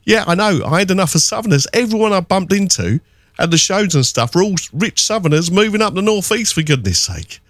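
A middle-aged man calling in, telling a rambling story with animated put-on voices. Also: high voice, brisk, dry recording, studio quality. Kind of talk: casual phone-in chat.

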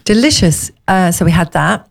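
A middle-aged woman from England spins a gushing, chatty story in easy conversation. Her voice sits fairly low for a woman. She talks like a radio co-host chatting with a friend on air. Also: lively intonation, normal speed, creaky. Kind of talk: casual chat.

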